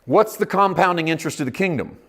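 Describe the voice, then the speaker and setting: A man preaching a sermon as pastor, dropping to hushed asides, rising to loud emphatic points, and acting out quoted voices. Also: fairly high pitch, animated, fast. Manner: acts out quoted voices in dialogue.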